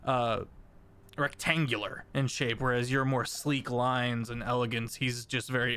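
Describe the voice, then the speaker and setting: A man's voice: medium pitch, flat delivery, unhurried, pushed and bright, clean tone. Man, game master, chatty and casual, mid-range voice. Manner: chatty, laughing asides to players and chat. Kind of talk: narrating a tabletop game.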